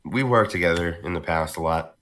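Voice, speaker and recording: A man's voice: deep voice, a little fast, fairly bright tone. A man who is a voice actor, chatting casually on a podcast, laughing often and using many fillers and restarts. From northern United States. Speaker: voice actor guest.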